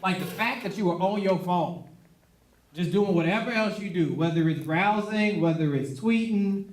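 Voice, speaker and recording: A man's voice: high-pitched, moderate pace. A male pastor preaching a sermon in a conversational way, laughing now and then and acting out quotes. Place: church sanctuary. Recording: echoey room, mic at a distance.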